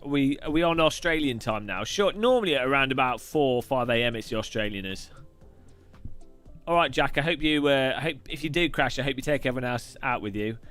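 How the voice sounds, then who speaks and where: A man's voice: medium pitch, lively intonation, a little fast, fairly bright tone, smooth, soft background music. A man from the UK hosting a live stream, answering questions while racing, with joking, irreverent chatter.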